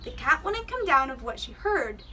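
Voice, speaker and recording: A woman's voice: high-pitched, big pitch swings, normal speed, pushed and bright, recorded from a distance, slight background noise. A woman teacher reading a children's storybook aloud, giving the characters voices and stopping to explain words to the kids.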